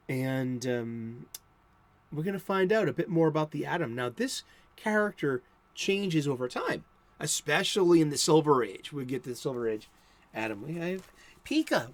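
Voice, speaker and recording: A middle-aged American man hosting a casual chat, rambling with many fillers and restarts. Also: a little high. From United States. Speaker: host.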